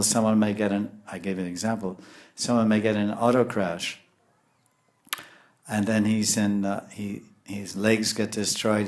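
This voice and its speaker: Male spiritual teacher, lower register, patient explanatory lecture delivery. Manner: explanatory, storytelling, sprinkles Sanskrit terms. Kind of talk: devotional lecture.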